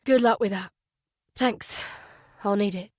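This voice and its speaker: A woman's voice: mid-range voice, measured pace, a little mellow, dry recording, studio quality, close to an everyday voice. A woman voicing a breezy, joking male friend in an audiobook. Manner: breezy, jokey.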